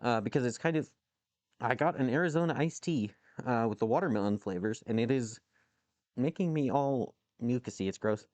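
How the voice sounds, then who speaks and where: Man, live-stream chat, rambling, cusses, answers viewers, dry close mic, medium pitch. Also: moderate pace, darkish tone, no echo. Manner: rambling, swears, reacts to chat messages. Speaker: livestreamer answering chat while machining. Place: home workshop with a lathe.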